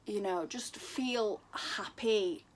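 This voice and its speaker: Woman book vlogger at home, unhurried and effusive, middle-pitched voice. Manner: gushing, repeats words for emphasis. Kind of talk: casual book recommendation vlog.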